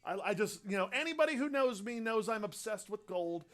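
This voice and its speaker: High-voiced chatty man hosting a radio livestream. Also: animated, brisk, fairly bright tone. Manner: rambling, chatty, upbeat. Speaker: radio host. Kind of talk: casual livestream chat, reading viewer questions.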